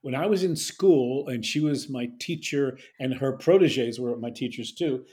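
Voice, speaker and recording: Mellow-voiced man, animated storyteller. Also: mid-range voice, moderate pace. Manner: animated storyteller, acts out quotes. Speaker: dialect coach. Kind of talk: conversational interview.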